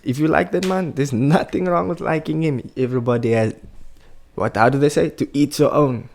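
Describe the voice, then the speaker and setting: A man's voice: on the high side, moderate pace, vocal fry, darkish tone. A man hosting a reaction video, talking casually and opinionated, laughing often between remarks.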